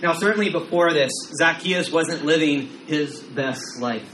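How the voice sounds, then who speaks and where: A man's voice: fairly high pitch, a little slow, a bit bright. A man preaching a casual sermon as pastor, talking conversationally with frequent repeated words and acted-out quotes. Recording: roomy echo, faint room noise.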